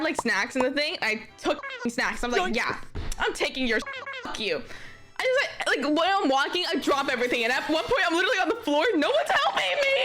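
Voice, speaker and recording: A young woman telling a story about a travel mishap, swearing freely and swinging between flat grumbling and disbelieving outbursts. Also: high-pitched. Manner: animated, swears a lot, swings from flat complaint to shrieking disbelief. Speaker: streamer. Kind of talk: casual storytime vlog.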